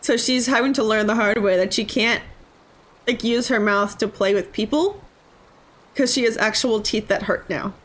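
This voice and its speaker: A woman's voice: on the high side, normal speed. A woman game streamer chatting casually and rambling about her day while she plays. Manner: chatty, self-mocking, rambling. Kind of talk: casual chat while gaming.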